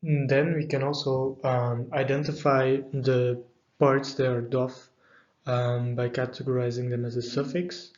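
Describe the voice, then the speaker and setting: A man's voice: medium pitch, measured pace. Man explaining pronunciation, dull lo-fi sound. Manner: calm, methodical explanation with frequent fillers. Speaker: language teacher. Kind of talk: explaining pronunciation in a lesson video.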